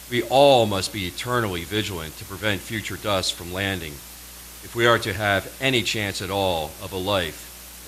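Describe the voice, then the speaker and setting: A male poet performing his poems live at a small venue, with a measured, dramatic delivery and slow, emphatic pauses. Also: on the low side, sharp tone, slight background noise, rough recording.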